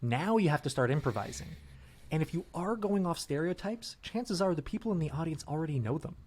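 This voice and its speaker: A man co-hosting a podcast about improv, explaining his view in a relaxed, measured, conversational way. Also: fairly high pitch. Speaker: podcast co-host, improv performer. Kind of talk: casual podcast discussion.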